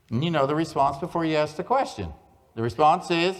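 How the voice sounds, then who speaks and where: A man's voice: on the high side, a little fast. Folksy man in a reverberant hall. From Oklahoma. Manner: folksy joke-telling with deadpan punchlines. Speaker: conference speaker. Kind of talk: humorous keynote talk. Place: large conference hall.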